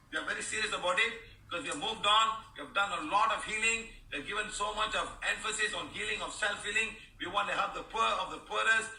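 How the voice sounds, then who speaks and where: Bright-voiced man in his sixties, roomy. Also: sits high, far from the mic, a little hiss or hum. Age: 60s. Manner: animated, chatty, laughs often, addresses listeners as guys and sir. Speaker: founder of a healing movement. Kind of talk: live talk reading and answering viewer comments.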